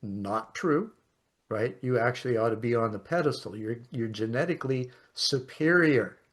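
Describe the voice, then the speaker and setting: At medium pitch and a normal speed, a man on his podcast tells a story with lots of animation. Casual and conversational, he frequently laughs and acts out the quoted lines.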